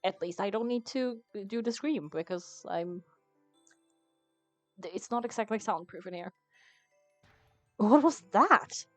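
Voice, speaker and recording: A woman's voice: medium pitch, normal speed, pauses often, darkish tone, no room sound, faint music behind. A young woman streaming a game, talking casually to her viewers in a chatty, giggly way. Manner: chatty, giggly, self-mocking. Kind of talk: casual gameplay commentary.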